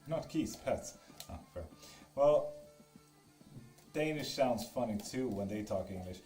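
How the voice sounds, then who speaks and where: A man's voice: mid-range voice, animated, takes it slowly, dark tone. A man from Sweden reading tarot on a live stream at home, chatting casually with viewers in a teasing way and swearing freely. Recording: roomy echo with music behind.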